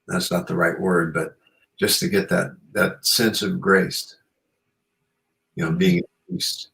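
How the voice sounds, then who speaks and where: Very deep-voiced man, rambling and reflective. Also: steady tone, slow, vocal fry, fairly bright tone, poor audio. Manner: rambling, reflective, with frequent "you know". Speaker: radio show host. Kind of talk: casual chat.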